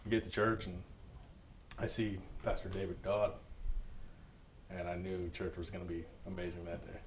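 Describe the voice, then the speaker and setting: A man with a very low, deep voice shares a personal testimony. He talks earnestly and haltingly, often restarting sentences. There is a faint hiss of noise behind him. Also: flat delivery, rough recording. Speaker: church member giving testimony.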